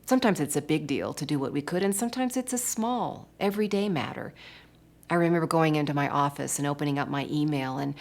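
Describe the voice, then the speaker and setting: A woman's voice: sits low, fast, creaky. Older woman telling a devotional story. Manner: personal storytelling, warm and reflective. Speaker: speaker. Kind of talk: devotional talk.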